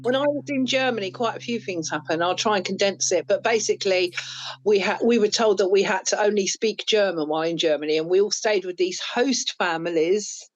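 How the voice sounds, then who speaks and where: A woman's voice: medium pitch, fairly quick, dull audio. A woman, telling self-mocking stories as a podcast host chatting with her adult children. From London, England. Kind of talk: casual storytelling chat.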